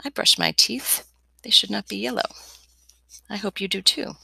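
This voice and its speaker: A woman's voice: medium pitch, wildly swooping pitch, normal speed, creaky, bright, forceful tone, husky, no room sound. A young woman teaching a step-by-step drawing lesson as an art teacher, chatty and encouraging with playful asides.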